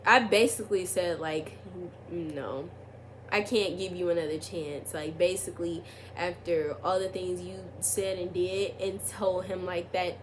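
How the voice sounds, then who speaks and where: A young vlogger with a voice on the low side shares a personal story casually, and there's a faint hiss or hum. She rambles, leans heavily on "like" and fillers, restarts often, and grows emphatic as she relays arguments.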